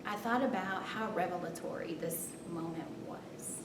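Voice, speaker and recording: A woman performing a spoken story, expressive, her voice jumping high in tense moments and softening when reflective. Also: moderate pace, a little hiss or hum. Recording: roomy, distant, rumbling background.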